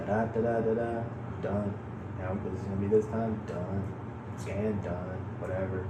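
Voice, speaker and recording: A man from Chicago telling a wild personal story in casual chat, animated, laughing often and swearing freely. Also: sits low, moderate pace, reverberant, very noisy. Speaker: guest.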